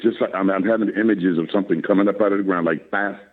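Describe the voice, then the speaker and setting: An older man on a phone call as a talk guest, talking in a lively, preacherly way and laughing often. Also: deep voice, fast, faint music behind. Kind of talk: casual chat. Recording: tinny phone line.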